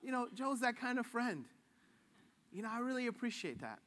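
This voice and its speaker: A man gives a laid-back, joking sermon and slips into little voices for the people he quotes. His voice sits high for a man. A long reverb trails each phrase, as in a big hall. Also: sing-song, normal speed, fairly bright tone. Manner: casual and jokey, acting out quoted voices. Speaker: pastor.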